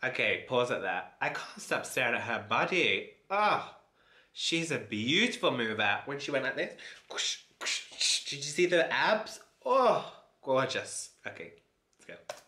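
A man excitedly reacting to a dance video, gushing with frequent oohs and exclamations. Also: mid-range voice, normal speed, a little hiss or hum. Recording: echoey room with music underneath. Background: music playing.

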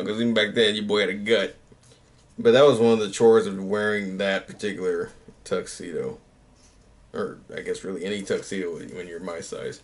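A man in his thirties, a YouTuber, chatting casually late at night in a rambling, self-mocking way that often trails off. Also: on the low side.

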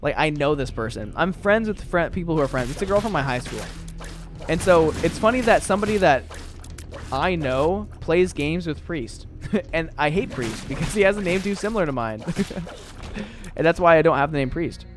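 A man's voice: a little high, animated, moderate pace, a little hiss or hum. A man in his twenties casually chatting with his chat while playing a video game. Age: 20s. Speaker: gaming streamer. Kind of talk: casual live stream commentary.

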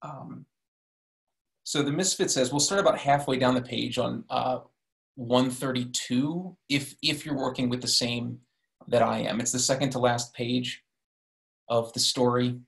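Creaky-voiced man leading a seminar. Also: medium pitch, fairly even intonation, unhurried, fairly bright tone. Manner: frequent "right?" tag questions and restarts. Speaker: discussion leader. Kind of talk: literature seminar discussion.

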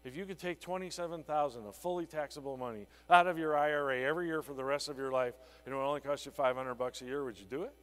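A man giving a conference keynote on sales, telling an animated story that acts out a conversation with a client. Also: medium pitch, quick pace, few pauses, long reverb tail. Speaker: sales trainer. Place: conference hall.

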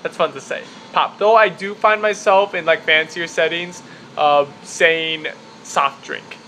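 A young man with a Chicago accent talks casually in his apartment, rambling and a bit self-deprecating. His voice sits fairly high and sounds bright and forward. A faint hum runs underneath. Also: fairly even intonation, measured pace. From Chicago area, US. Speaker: vlogger. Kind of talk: casual accent-tag vlog. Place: apartment room with window open.

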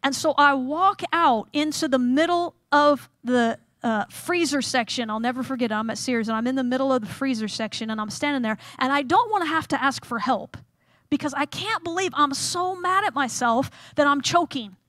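A woman's voice: sits high, moderate pace, a bit bright, no room sound, studio quality. A woman giving a humorous chapel sermon, telling self-deprecating stories and acting out scenes. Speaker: chapel speaker.

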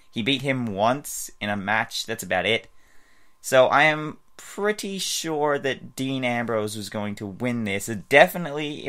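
A man's voice: mid-range voice, fairly bright tone. A man casually talking through his wrestling predictions in a video blog, rambling with lots of fillers and restarts. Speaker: wrestling fan vlogger.

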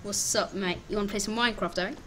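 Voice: mid-range voice, steady tone, fast, sharp tone, slight background noise. A young-sounding prank caller in casual, teasing chat, trading playful insults and acting offended. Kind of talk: casual prank call over a video chat app.

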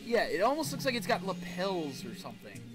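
A man's voice: sits high, wildly swooping pitch, a little fast. A man playing through a story game and commenting on it, joking and poking fun at himself. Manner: joking, self-mocking asides. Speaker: let's play host. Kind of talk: gameplay commentary. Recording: game music behind voice.

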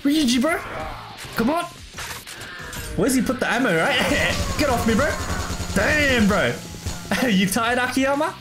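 A man with a very high-pitched, expressive voice narrates a let's play at a measured pace, pausing often. Laid-back and quick to laugh, he calls everyone bro as game music plays in the background.

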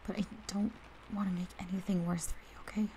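A woman's voice: medium pitch, level tone, quick pace, mellow, a little hiss or hum, lightly acted, poor audio. A young woman voicing a protective best friend in a whispered role-play, swinging between heated and tender as she speaks straight to the listener. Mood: soft, tender. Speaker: ASMR role-play performer.

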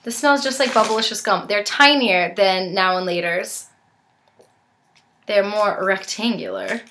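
Slight background noise sits behind a young woman's mid-range, somewhat bright voice, which swings widely in pitch at a measured pace. She reviews snacks in a casual unboxing vlog, chatting, tasting, and sometimes talking while chewing.

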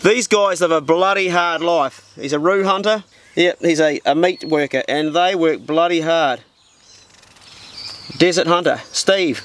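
A man's voice: fairly high pitch, a little slow, a bit bright, a little hiss or hum. A New Zealand man with a New Zealand accent, chatting in a slangy, blokey way as he opens parcels on his vlog at an old farmhouse. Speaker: vlogger. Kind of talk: casual mail-opening vlog.

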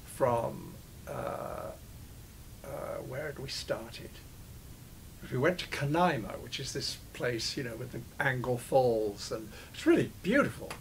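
Memories of old shoots come out in a meandering way as an older actor talks in an interview, repeatedly cutting himself off to restart. His pitch is medium, and a little hiss or hum sits under the recording.

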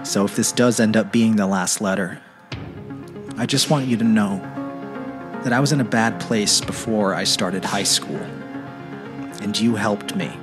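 Low quiet guy reading a troubled teen boy's letters, earnest, faint music behind. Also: a little slow, long pauses. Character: troubled teenage boy writing letters. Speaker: narrator.

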